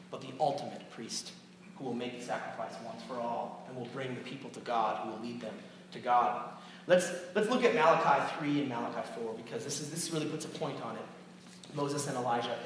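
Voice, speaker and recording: A man preaching a sermon, telling the story with animated, sarcastic acted-out quotes. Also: mid-range voice, slight background noise. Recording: echoey hall, mic far off.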